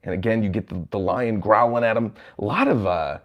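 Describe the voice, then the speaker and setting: A man with a fairly low voice reacts to a new manga chapter on a livestream from a hotel room. He reads the panels aloud and chuckles often as he goes. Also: a little fast, dull audio.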